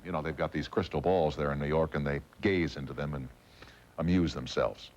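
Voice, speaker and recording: A man hosting a late-night talk show, taking calls and chatting with his guest in a gracious, brisk way. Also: extremely low pitch, fairly even intonation, a little mellow. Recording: dull broadcast audio.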